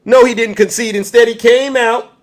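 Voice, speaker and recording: A man with a fairly high voice runs a livestream and rants about politics. He speaks straight to the viewers in his chat, angry and insistent throughout. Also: fairly even intonation, normal speed. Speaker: livestream host. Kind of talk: heated political commentary.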